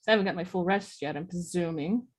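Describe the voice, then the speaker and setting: A woman playing a cleric in a tabletop game, casual and lively, explaining her spells. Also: lowish voice, fast talker. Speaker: player.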